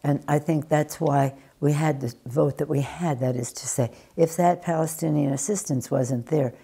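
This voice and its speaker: An older American woman answering questions in a news interview, deliberate and emphatic, often restarting her sentences. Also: deep voice, steady tone, vocal fry, warm tone, husky. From United States. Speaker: interviewee, former politician.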